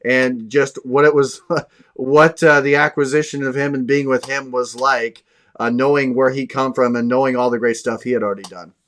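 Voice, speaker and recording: A male host asking a halting interview question with fillers. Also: mid-range voice, steady tone, a bit bright.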